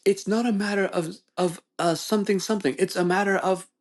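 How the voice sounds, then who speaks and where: Pompous poser with a put-on British accent, high and slow; man doing the voice. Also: fairly even intonation. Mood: lecturing. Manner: lofty, overly formal.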